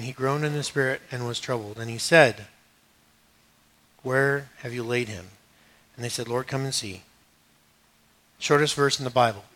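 A middle-aged man preaching a sermon as pastor, swinging from hushed asides to emphatic declarations and retelling scripture conversationally. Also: mid-range voice.

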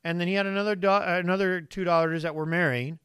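A man's voice: high voice, steady tone, fast talker, fairly bright tone, clean tone, no room sound, studio quality. A man preaching a conversational sermon, reading scripture and asking the congregation questions. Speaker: pastor.

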